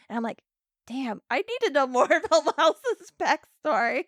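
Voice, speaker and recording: A woman's voice: high-pitched, very animated, a little fast, dry recording, studio quality. A woman co-hosting a podcast, recapping an episode in casual chat, laughing often and acting out the characters' lines. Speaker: podcast co-host.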